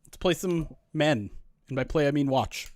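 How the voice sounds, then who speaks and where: A man's voice: a little high, moderate pace, no room sound. Chatty man rambling on a stream. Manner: rambling and chatty, often restarting sentences. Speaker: streamer host. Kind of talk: casual live-stream chat reading viewer comments.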